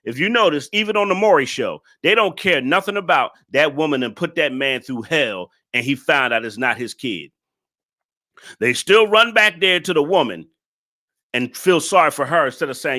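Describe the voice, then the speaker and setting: A man's voice: a little high, expressive, moderate pace, sharp tone. A man hosting a live stream, reacting to a clip and scolding his chat commenters in an exasperated way.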